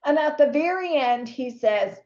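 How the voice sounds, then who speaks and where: Slow-talking woman telling a story. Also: high voice. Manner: animated storyteller who acts out quoted voices. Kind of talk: storytelling talk to an audience. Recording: echoey, slightly dull room recording.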